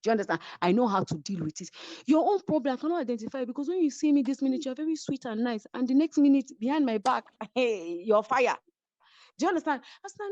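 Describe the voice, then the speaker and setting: A woman with a Nigerian accent, telling a story with lively energy in an interview over a video call, acting out what others said. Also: high-pitched, quick pace, no echo, muffled recording. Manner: acts out other people's voices while retelling. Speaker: reality show cast member, guest.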